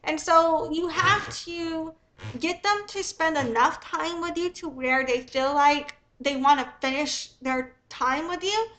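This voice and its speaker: A woman's voice: high voice, fairly bright tone, poor audio. A woman reading her own business ebook aloud, then explaining it in a blunt, profane, rambling way.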